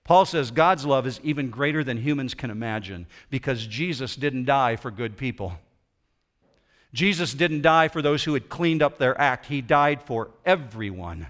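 A man preaching a sermon as pastor in a church auditorium, swinging between loud emphasis and quiet intensity. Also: medium pitch, expressive, moderate pace.

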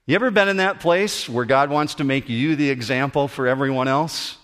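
A man preaching a sermon as pastor, animated and acting out the voices he quotes. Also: on the high side, brisk, hardly any pauses. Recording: long hall reverb.

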